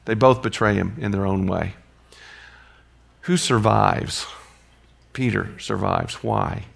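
A man's voice: lowish voice, takes it slowly, gravelly, slight background noise. A man teaching a Bible lesson in a conversational way, restarting phrases and asking rhetorical questions.

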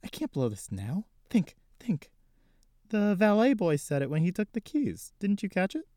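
A man voicing a nervous, quick-witted young woman who talks in a hurry. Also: sits high, wildly swooping pitch, dark tone, dry recording, clean studio sound, pitched above the performer's own voice. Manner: hurried, anxious.

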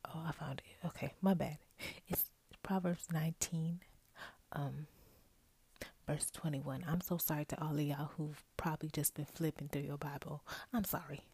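Speaking into a close-held earphone microphone, this young podcast host mostly whispers so she won't wake the roommate asleep near her in the bedroom at night. Her voice is deep, dark, and husky, with fairly even intonation, a moderate pace, and no echo. She chats casually, addresses the audience as y'all, and fixes her own words along the way.

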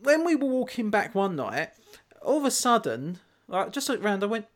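A podcast co-host tells a story in casual chat, rambling along with plenty of fillers and restarts. His voice sits high, and he is very animated while speaking at normal speed.

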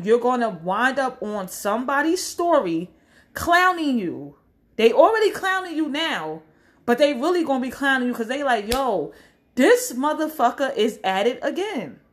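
A woman, giving blunt, profane advice in a casual vlog rant and acting out the people she quotes. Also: a little high. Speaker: social media commentator. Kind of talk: casual direct-to-camera rant.

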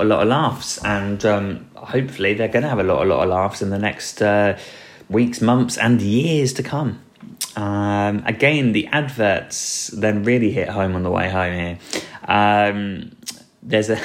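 A man's voice: on the low side, fairly even intonation, a little slow. A man hosting a solo podcast, talking in a rambling, chatty way with dry jokes and plenty of ums and uhs. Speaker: podcast host. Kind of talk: casual solo podcast recap.

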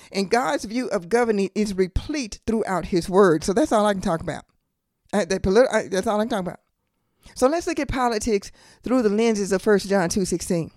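A woman's voice: mid-range voice, a little mellow, no echo, clean studio sound. A woman hosting a podcast and teaching the Bible, preaching emphatically, repeating phrases for stress and firing rhetorical questions, with casual colloquial asides. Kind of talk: preaching monologue.

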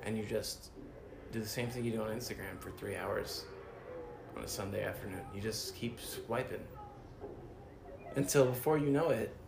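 A man's voice: fairly low pitch, moderate pace, vocal fry, long pauses. A man chatting casually about a movie, laid-back and swearing freely. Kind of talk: casual movie commentary chat. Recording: roomy room with faint noise.

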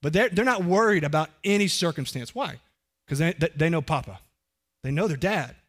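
A man's voice: fairly high pitch, animated, a little fast. A middle-aged man preaching a sermon as pastor, earnest and conversational, often putting questions to the congregation.

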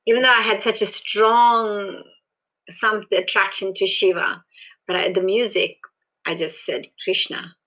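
Woman, South African Indian accent with some Australian, bright tone, rambling interviewee. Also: mid-range voice, flat delivery, a little slow, poor audio. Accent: South African Indian, mixed with Australian. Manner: rambling, restarts often, laughs softly. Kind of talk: casual conversational interview.

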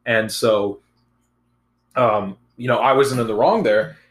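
A man's voice: medium pitch, takes it slowly, roomy sound. A young man telling a story in laid-back casual chat, swearing often.

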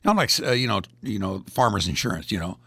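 Gravelly old man rambling monologue. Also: fairly low pitch, lively intonation, quick pace, sharp tone, no echo, clean studio sound. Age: 70s. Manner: folksy, chatty, digressive. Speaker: host of a one-man commentary show.

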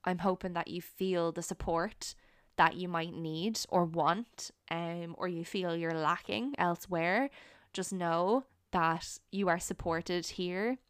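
A young woman hosting a solo podcast, talking in an earnest, encouraging way with frequent pauses. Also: on the low side, clear, resonant tone, dry recording, clean studio sound. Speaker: podcast host. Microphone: studio microphone.

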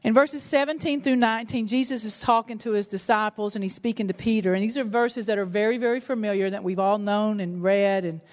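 A middle-aged woman, preaching a sermon and telling a personal story with animated, self-mocking humor. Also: mid-range voice, a little fast, few pauses, big-room sound. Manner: animated storytelling, laughs at herself. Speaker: pastor's wife and preacher.

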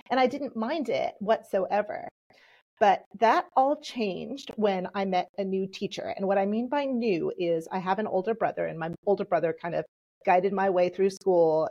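Lively woman telling her story. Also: mid-range voice, highs cut off. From Texas. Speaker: podcast guest. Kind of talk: storytelling in conversation.

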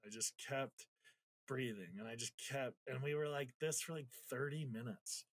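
Guy telling a personal story on a podcast, cusses a lot, gets emotional, middle-pitched voice, acts out what people said. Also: moderate pace. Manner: candid, swears freely, acts out quotes; reflective, gets emotional while recounting. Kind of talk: casual storytelling conversation.

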